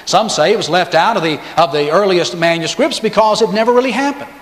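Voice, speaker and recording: A high-voiced man delivers a sermon, telling the story and acting out the people he quotes. His voice rings through an echoing hall with a long reverb tail. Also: fairly quick. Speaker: pastor.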